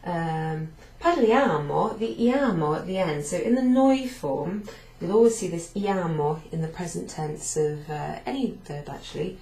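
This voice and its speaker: A woman's voice: lowish voice, lively intonation, a little slow, hardly any pauses, darkish tone. A woman teaching a beginners' language class, explaining step by step with fillers. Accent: British. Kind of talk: classroom lesson at a whiteboard. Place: class room in a venue. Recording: echoey room.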